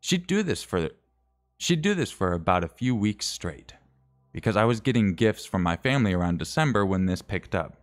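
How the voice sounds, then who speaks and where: Deep-voiced man reading a scary story. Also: very animated, moderate pace. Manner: casual reading with self-corrections and wry asides. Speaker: streamer reading stories.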